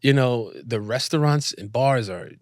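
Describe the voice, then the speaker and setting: A man in his thirties, a guest actor chatting casually and telling lively stories. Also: medium pitch, measured pace, dry recording, clean studio sound. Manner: animated storyteller, mimics voices, laughs often. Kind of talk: casual interview chat.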